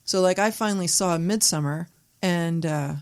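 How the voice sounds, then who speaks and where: Animated, slightly low-voiced woman storyteller. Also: moderate pace. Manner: animated storyteller, acts out quotes, swears freely. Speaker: filmmaker guest. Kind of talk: casual podcast chat.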